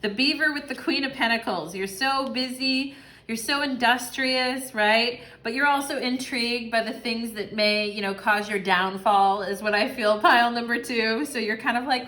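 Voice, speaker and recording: A young woman gives a casual tarot reading in a bright, sharp voice. She talks in a chatty, sassy way, swears freely and slips into quick voices for the people she describes. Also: a little high, steady tone. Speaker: tarot reader.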